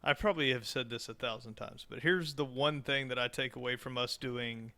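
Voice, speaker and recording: A podcast co-host with a medium-pitched, brisk, sharp voice chats loosely and jokingly. He rambles, restarts his sentences and swears.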